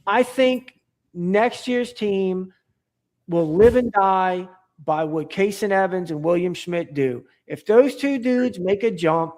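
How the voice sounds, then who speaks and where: A man's voice: high-pitched, slow, a little mellow. A man talking as a podcast guest in casual chat, rambling and enthusiastic, with many restarts and fillers.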